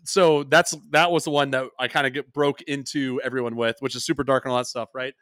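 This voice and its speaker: A man hosts a casual podcast, rambling along and poking fun at himself. His voice is bright and forceful, and it is recorded close and dry with no room sound. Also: medium pitch, fairly even intonation, dry recording. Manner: rambling, self-deprecating, quick to laugh. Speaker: podcast host. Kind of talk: casual chat.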